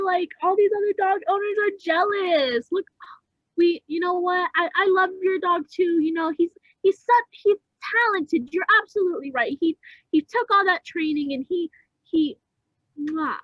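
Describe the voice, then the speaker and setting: A woman's voice: very high voice, fairly bright tone, dry recording, poor audio. A young woman improv performer playing a sweet, doting dog owner who stumbles over her words and gushes. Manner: halting, repeats words, gushing.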